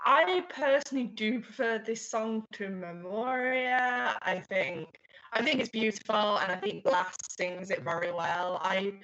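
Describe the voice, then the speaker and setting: A woman co-hosts a podcast in a relaxed, chatty way, with a wry, self-deprecating edge. Her voice sits in a middle range. The recording is slightly dull and lo-fi. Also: mid-range voice. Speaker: podcast co-host. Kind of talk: casual chat.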